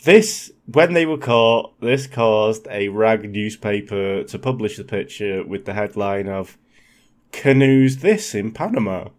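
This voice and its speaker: A man from England telling a true crime story on a podcast in a casual, swearing, animated way. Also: on the low side, unhurried. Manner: swearing, animated, laughs often.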